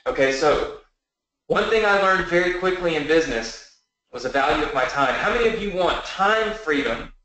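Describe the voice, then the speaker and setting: An earnest man in his early thirties tells his rise-from-nothing business story as a motivational pitch, often asking listeners to agree. His voice sits slightly high. It rings out in a very echoey room. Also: expressive, moderate pace, pushed and bright. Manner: earnest storytelling, often asks the audience for a yes. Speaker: online business presenter.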